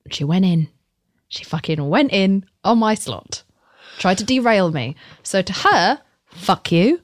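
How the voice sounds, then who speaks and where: A woman's voice: mid-range voice, lively intonation, a little slow, no room sound. An English woman tells stories frankly and casually, her voice in the middle range for a woman. The sound is dry and close, with nothing of the room around her. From England. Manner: candid storytelling, frequent swearing. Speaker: actress guest. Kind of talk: casual chat.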